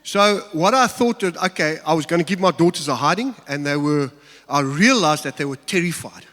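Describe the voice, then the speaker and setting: A man's voice: a little high, animated, a little fast, a bit bright. A middle-aged man preaching a sermon, telling stories with humor and acting out asides. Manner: humorous storytelling with acted-out asides. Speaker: pastor. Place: church hall. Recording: long reverb of a church hall.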